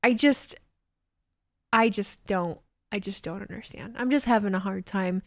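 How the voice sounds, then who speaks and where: A young woman hosting a casual livestream, excitable and swearing freely as she reacts to chat comments. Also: mid-range voice, measured pace, dry recording, studio quality. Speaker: livestream host.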